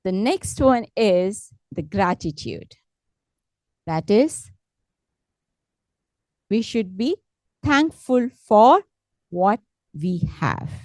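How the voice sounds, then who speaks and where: A woman leading a talk on positive thinking, speaking patiently and gently, often checking in with her listeners. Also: mid-range voice, big pitch swings, creaky, no room sound. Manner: slow, patient, repeats words and asks "correct?"; gentle, encouraging. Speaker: meditation instructor.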